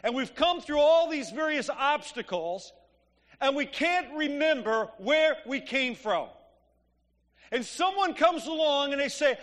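A man's voice: very high-pitched, animated, unhurried, a bit bright. A man preaching a sermon in a church, telling stories conversationally and asking the congregation "Amen?". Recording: long reverb of a church hall.

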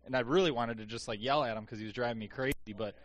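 A man's voice: medium pitch, racing. A man in casual chat, rambling through a workplace story with lots of fillers.

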